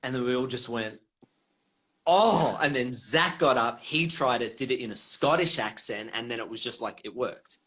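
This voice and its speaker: A man's voice: medium pitch, a little fast, few pauses, pushed and bright. Rambling Australian man telling stories. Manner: rambling, swears freely, laughs often. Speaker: comedian guest. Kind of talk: casual storytelling interview. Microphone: video call.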